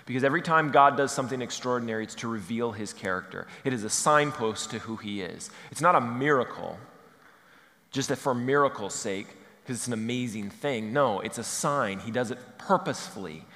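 A man's voice: mid-range voice, expressive, brisk, pushed and bright. A man preaching a conversational sermon, playful and humorous, acting out bits of dialogue. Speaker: pastor. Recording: long reverb of a large hall.

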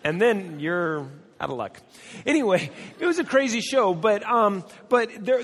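A man's voice: high-pitched, slightly rough. A man preaching a sermon as a pastor, talking in a conversational, joking way and acting out the voices he quotes. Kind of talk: humorous sermon. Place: church hall. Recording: long reverb from a hall.

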